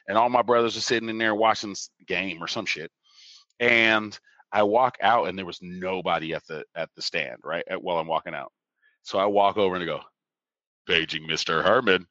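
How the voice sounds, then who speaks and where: A man's voice: lowish voice, a bit bright, no echo, lo-fi sound. A man co-hosting a podcast, telling a loose, profane story in casual chat and laughing partway through. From Sacramento Valley, California. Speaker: podcast co-host.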